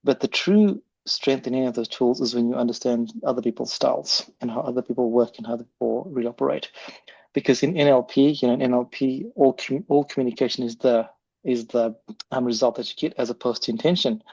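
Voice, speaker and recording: A man's voice: medium pitch, fast, vocal fry, darkish tone, husky, no room sound, highs cut off. A man hosting a podcast, chatty and rambling with frequent restarts. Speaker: podcast host. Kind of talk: casual podcast interview.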